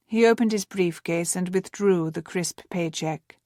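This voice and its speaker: Woman calmly narrating an audiobook, dry sound. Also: fairly low pitch, measured pace, few pauses, dry recording. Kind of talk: scripted narration.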